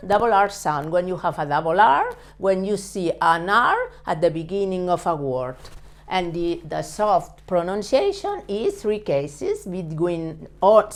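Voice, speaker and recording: A woman teaching a language lesson in English, slowly saying each example word and repeating it. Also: fairly low pitch. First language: Spanish. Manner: models Spanish words slowly and repeats them. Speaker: Spanish teacher. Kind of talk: slow step-by-step language lesson.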